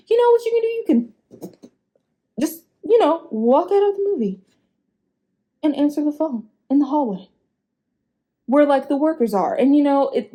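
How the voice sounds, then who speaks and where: A woman giving casual, opinionated commentary as a vlogger, frank and chatty, laughing and swearing as she goes. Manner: lively pitch swings for emphasis.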